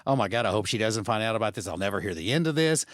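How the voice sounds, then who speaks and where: Middle-aged male co-host, low voice, rambling and self-mocking, close dry mic. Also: expressive, very fast, dry recording. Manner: rambling, self-deprecating, laughs often. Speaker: podcast co-host. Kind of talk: casual storytelling chat.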